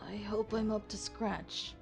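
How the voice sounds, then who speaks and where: A woman voicing a nervous young male law student, speaking softly and hesitantly. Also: medium pitch, steady tone, a little slow, gravelly, music in the background.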